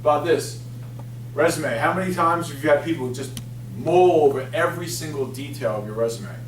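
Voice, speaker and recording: A man presenting a career workshop, talking lively with the audience and asking them questions. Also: fairly high pitch, moderate pace. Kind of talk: interactive workshop talk. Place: library meeting room. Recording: echoey room, distant mic, faint noise.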